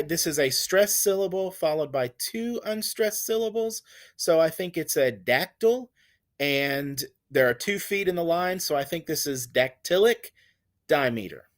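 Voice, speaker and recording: Slow, patient man teaching poetry. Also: on the high side. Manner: patient and reassuring, slow and deliberate, counts out stresses. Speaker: literature teacher. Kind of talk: recorded lecture.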